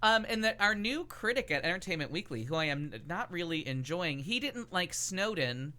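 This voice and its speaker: A man co-hosting a talk show, chatting casually and with strong opinions about movies, swearing freely and pausing on fillers. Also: sits high, expressive, bright, forceful tone, smooth. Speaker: podcast co-host. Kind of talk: casual chat reviewing movies.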